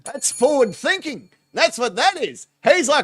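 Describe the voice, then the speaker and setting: High, lively, profane man commenting. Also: moderate pace, few pauses, breathy edge. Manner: profane, mocking, laughs often. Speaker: reaction channel host. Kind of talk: crude casual reaction commentary.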